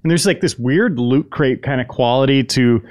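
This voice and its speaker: Relaxed man on a dry mic. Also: mid-range voice, moderate pace, dry recording. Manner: relaxed, hesitant, many fillers. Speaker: podcast co-host. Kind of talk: casual podcast chat.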